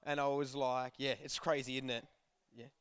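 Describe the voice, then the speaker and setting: A man's voice: mid-range voice, level tone, moderate pace, fairly bright tone, clear, resonant tone, dry recording, studio quality. A young man giving a casual, joking sermon to a youth group, telling stories and acting out bits of dialogue. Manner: chatty, jokey, acts out dialogue. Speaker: youth preacher.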